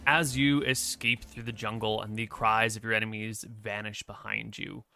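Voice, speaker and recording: A man acting as game master, narrating a tabletop game over an online voice call in a relaxed, joking way with long run-on sentences. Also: lowish voice, moderate pace, creaky, no room sound, soft background music.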